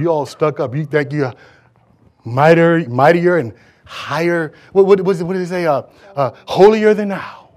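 A man preaching a sermon in a church, emphatic and conversational, repeating words as he drives his points home. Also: on the high side. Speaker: pastor.

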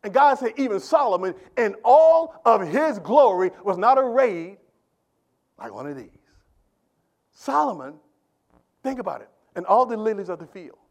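A man preaching a sermon in a church. He talks plainly, repeats himself, and swings between loud calls to the congregation and quiet asides. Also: sits high, big pitch swings, normal speed, long pauses. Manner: call-and-response preaching, loud and quiet by turns; colloquial, repeats words. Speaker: pastor.

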